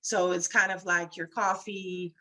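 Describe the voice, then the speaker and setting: A woman's voice: fairly low pitch, flat delivery, unhurried, pushed and bright, low-quality recording. A woman business founder telling her story in a casual interview, chatty and full of "you know" fillers. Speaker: small business founder, guest.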